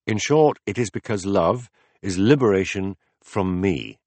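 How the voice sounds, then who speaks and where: A calm, patient philosopher, read by a man, lays out his ideas in a measured, deliberate way. His voice sits low, and the audiobook recording is dry and close with no room sound. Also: no room sound, exaggerated voice. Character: calm, patient male teacher explaining ideas. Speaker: philosopher in a dialogue. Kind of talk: audiobook dialogue reading.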